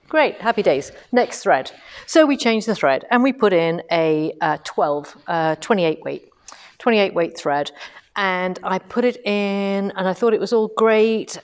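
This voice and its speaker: A woman who runs a quilting shop, teaching a live-streamed lesson from her showroom and telling stories about her own mistakes, laughing at herself. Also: fairly low pitch. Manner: chatty storytelling, self-deprecating, laughs at herself.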